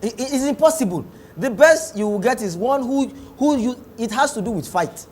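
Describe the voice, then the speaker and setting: A man's voice: extremely high pitch, expressive, moderate pace, slight background noise. A Nigerian man with a Nigerian accent, hosting a talk show and eagerly asking questions. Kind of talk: interview conversation.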